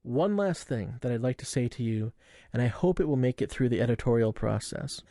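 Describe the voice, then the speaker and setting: A man's voice: mid-range voice, lively intonation, a little fast, dark tone, no room sound. Young guy narrating his memoir, wry and self-mocking, dry close sound. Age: young adult. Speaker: audiobook narrator. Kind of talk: first-person memoir narration.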